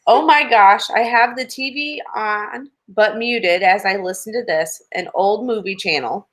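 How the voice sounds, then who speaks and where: A woman reads viewer comments aloud on a live stream. Her delivery is plain and steady, with a few hesitant fillers, and her voice sits at a middle pitch. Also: unhurried. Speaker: co-host reading viewer comments.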